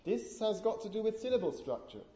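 A man's voice: high voice, big pitch swings, fairly quick, dark tone, lo-fi sound. Man lecturing in an echoey room. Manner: explanatory, asks the class questions. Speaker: linguistics lecturer. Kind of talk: university lecture.

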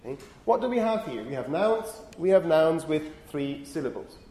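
A male lecturer giving a university lecture, talking in a lively way, often correcting himself and checking in with "okay?". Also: fairly high pitch, moderate pace. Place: lecture hall. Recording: roomy lecture hall echo.

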